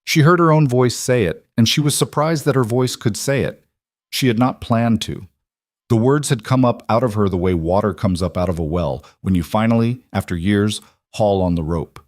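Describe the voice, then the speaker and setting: A man narrating a fantasy romance audiobook in a calm, measured storytelling manner. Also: lowish voice, no echo, studio quality.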